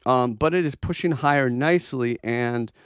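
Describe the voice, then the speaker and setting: Answering viewer requests, a crypto trading streamer chats casually and bluntly about charts, often restarting and filling pauses. He speaks at a moderate pace in a medium, clear, resonant voice captured in a dry, clean studio recording.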